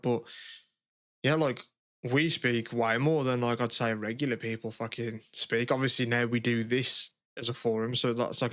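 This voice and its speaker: In a clean studio recording with no room sound, a man co-hosting a podcast chats casually and rambles, swearing a lot and using plenty of filler words. His voice is mid-range and a bit bright.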